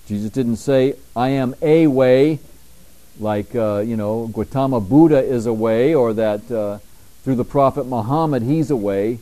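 A male pastor delivering an emphatic sermon, slowing down deliberately when he reads scripture aloud. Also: mid-range voice, dark tone. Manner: emphatic preaching, slows down to read scripture.

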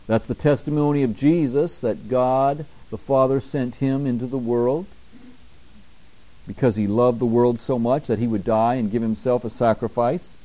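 Man, pastor, sermon, emphatic, mellow voice, slow scripture reading. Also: mid-range voice, fairly even intonation. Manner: emphatic preaching, slows down to read scripture.

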